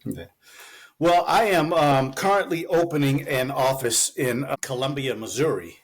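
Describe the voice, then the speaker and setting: A man appears as a physician guest on a talk show, telling his story in a loose, chatty, conversational interview with lots of fillers. His voice is mid-range and he speaks at normal speed.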